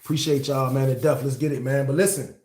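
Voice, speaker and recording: A man's voice: medium pitch, fairly even intonation, fast talker, roomy sound, background noise. A man hosting a casual storytime livestream, retelling events in loose, slangy talk.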